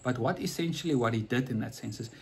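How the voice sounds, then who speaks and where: Male preacher, earnest conversational storyteller, slightly husky voice, mid pitch. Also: fast talker. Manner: earnest, repeats and restarts words.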